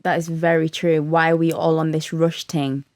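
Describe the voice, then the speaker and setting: Female singer guest, low-pitched, playful, bouncing off the host. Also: level tone, moderate pace, clean studio sound. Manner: playful, chimes in and echoes the host. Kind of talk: casual chat. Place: studio couch.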